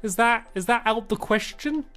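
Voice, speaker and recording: A man's voice: very high voice, moderate pace, pushed and bright, faint music behind. A young man co-hosting a Minecraft let's play, giggly and hesitant, often stammering over his words. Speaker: gaming co-host.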